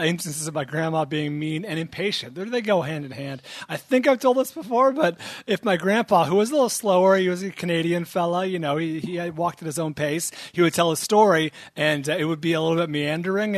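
Higher-voiced man telling a quick story. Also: no room sound. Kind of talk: casual comedic chat.

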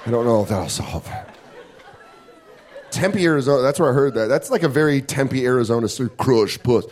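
A man doing a stand-up comedy set on a club stage, profane and self-mocking, slipping into quick put-on voices. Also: medium pitch, animated, a little mellow, a faint crowd.

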